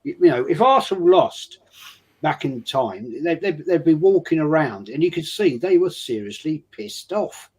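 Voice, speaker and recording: A man's voice: fairly high pitch, expressive, unhurried, darkish tone, slightly rough. Older-sounding man telling fan stories. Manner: reminiscing fan stories, acting out quotes. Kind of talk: casual football chat.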